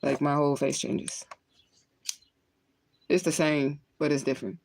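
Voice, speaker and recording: A woman's voice: low voice, steady tone, measured pace, gravelly, a little mellow, a little hiss or hum. Rambling, cussing woman on a livestream. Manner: rambling, profane, laughs often; talks while lighting and smoking. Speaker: spiritual reader on a livestream. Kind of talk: casual livestream chat.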